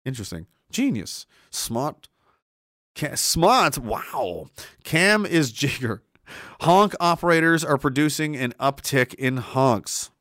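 A man's voice: on the high side, very animated, takes it slowly, fairly bright tone, no room sound, studio quality. A man streaming casually, reading chat aloud and rambling sarcastically with lots of fillers. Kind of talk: casual live-stream commentary.

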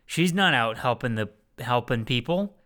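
A man co-hosting a casual movie podcast, riffing and rambling with plenty of crude jokes. His voice is smooth and resonant, sitting at an ordinary middle pitch. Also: expressive, fairly bright tone. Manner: rambling, jokey, quick asides with crude words. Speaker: podcast co-host. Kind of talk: casual movie-review chat.

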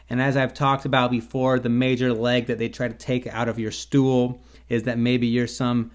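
Man, wry, rambling, sarcastic asides, mid-pitched voice. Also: a little mellow. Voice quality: stutters on his own name at times. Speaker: podcast host. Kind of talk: casual solo monologue.

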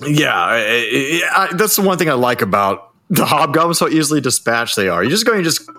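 A man's voice: medium pitch, sing-song, a little fast, pushed and bright. Jokey man adding wry film commentary. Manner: jokey asides, frequent laughter and hesitant fillers. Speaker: podcast co-host. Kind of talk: casual film recap chat.

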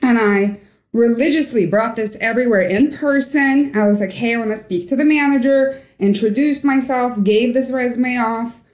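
A woman's voice: on the high side, moderate pace, darkish tone. A young woman from Norway, a podcast guest, telling a story with animation and acting out the quoted voices. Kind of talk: storytelling interview. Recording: roomy echo.

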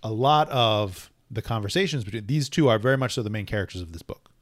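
A man co-hosting a casual comic book chat, thoughtful and measured, often restarting his phrases. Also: lowish voice, no echo, clean studio sound. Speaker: podcast co-host.

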